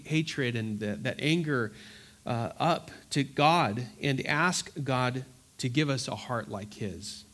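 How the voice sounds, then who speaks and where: A man preaching an earnest Bible-teaching sermon, emphatic and repeating words for stress, then dropping to soft, pleading tones. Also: mid-range voice. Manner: swings from loud urgency to soft, quiet pleading.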